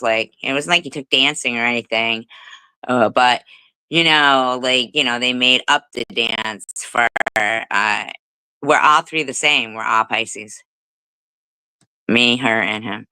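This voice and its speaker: A woman's voice: rumbling low, unhurried, bright, forceful tone, clean tone, no room sound, poor audio. A middle-aged woman telling a rambling story in casual livestream chat, laughing often and swearing freely. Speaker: livestream host. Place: home livestream.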